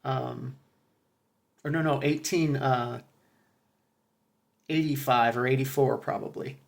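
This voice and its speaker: Man, gravelly voice, halting casual commentary, then reads a book passage aloud. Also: medium pitch, steady tone, a little hiss or hum. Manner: halting, many fillers and restarts.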